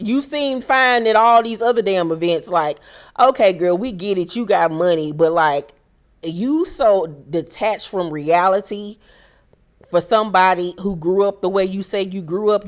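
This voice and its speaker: A woman hosting a casual reality TV recap, talking in a sassy, profane, animated way. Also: lowish voice.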